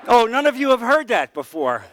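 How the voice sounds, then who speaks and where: Very animated and speaking at normal speed, a middle-aged man tells his personal testimony to a Bible class with earnest, conversational storytelling, softening and lowering his voice at emotional points. There's a little hiss or hum in the audio.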